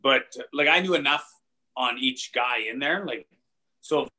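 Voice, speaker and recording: A man with a bright, forward voice tells stories in a casual chat. He rambles loosely, swears freely and laughs as he goes. His pitch stays in a middle range. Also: measured pace. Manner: loose, profane anecdotal storytelling with laughs. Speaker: comedian guest.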